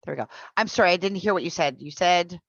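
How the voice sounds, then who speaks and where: A woman teaching an English pronunciation class online. She explains patiently and repeats each example slowly. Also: lowish voice, dry recording, lo-fi sound.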